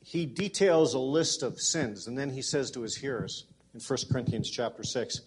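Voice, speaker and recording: A man's voice: medium pitch, animated, normal speed, husky. A man pastor preaching a sermon in a conversational way, with folksy humor, and speaking directly to people in the congregation. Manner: addresses congregation members directly.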